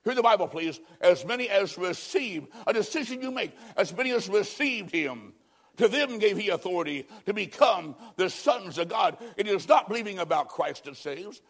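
A man preaching a dramatic evangelistic sermon, swinging from loud emphasis down to hushed, low endings. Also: animated, moderate pace, husky.

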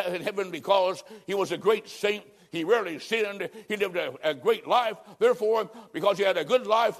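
A man preaching a sermon in a dramatic style, swinging between loud declarations and hushed, drawn-out lines. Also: high-pitched.

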